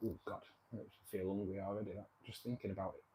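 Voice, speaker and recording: A man's voice: low voice, little pitch movement, quick pace, dark tone, a little hiss or hum. A man hosting a casual livestream, chatting with viewers in a rambling way, repeating himself and calling people mate. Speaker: livestream host.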